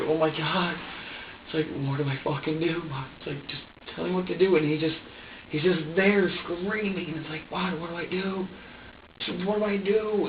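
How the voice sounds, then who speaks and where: A distressed man under police questioning pours out his account in a halting, profane rush, tripping over repeated words and sounding close to tears. He is picked up from across a bare, echoey interview room, dull and slightly muffled. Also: on the high side, far from the mic, a little hiss or hum. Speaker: suspect being questioned. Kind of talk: emotional recounting under questioning.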